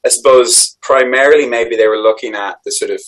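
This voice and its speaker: A man's voice: medium pitch, a little fast, fairly bright tone, low-quality recording. An Irish man, a voice actor, answering interview questions in a reflective, rambling way with many restarts. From Ireland. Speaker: voice actor guest.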